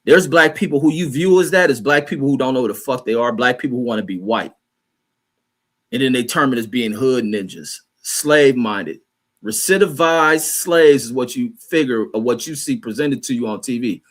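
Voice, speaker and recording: A man runs a livestream and reads out chat messages, answering them with a heated rant full of profanity, combativeness and mockery. His voice is mid-range and his pace is normal.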